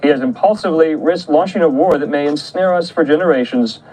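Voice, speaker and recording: News guy reading out statements, calm and steady, a bit higher voice. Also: slight background noise, rough recording. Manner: measured, reads out quotes. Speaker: news anchor.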